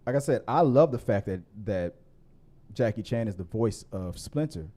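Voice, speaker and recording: A man hosting a casual movie review podcast, rambling with many restarts and getting more animated as he argues his point. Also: normal speed. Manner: grows animated and higher when arguing. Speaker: podcast host.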